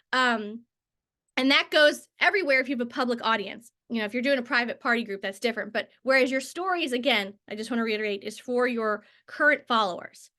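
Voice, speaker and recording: Woman trainer, high bright voice, rambling and friendly. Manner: chatty, tangents and filler words. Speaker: network marketing trainer. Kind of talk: casual training talk.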